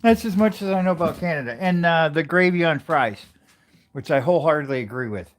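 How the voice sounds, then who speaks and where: A man's voice: fairly high pitch, lively intonation, brisk. A man chatting casually on a home livestream, rambling and friendly with many uhs. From United States. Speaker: livestream host. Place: living room at home.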